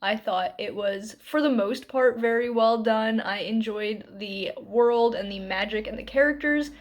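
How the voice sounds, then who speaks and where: A woman chats casually to her camera about books in an upbeat way. Her voice sits a little high, and she fills her talk with "like" and "um" as she goes. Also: a little slow. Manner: chatty, upbeat, lots of "like" and "um". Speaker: book vlogger.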